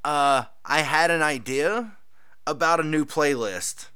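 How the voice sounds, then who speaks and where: A man's voice: fairly high pitch, takes it slowly, pushed and bright, smooth. A man co-hosting a casual podcast, easygoing and self-deprecating. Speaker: podcast co-host. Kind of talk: casual chat.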